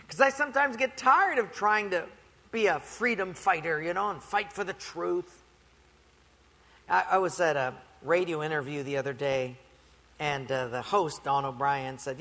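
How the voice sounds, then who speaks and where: Bright-voiced male pastor preaching. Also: a little high, moderate pace. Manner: storytelling, animated, humorous. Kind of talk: sermon. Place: church. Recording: reverberant church hall.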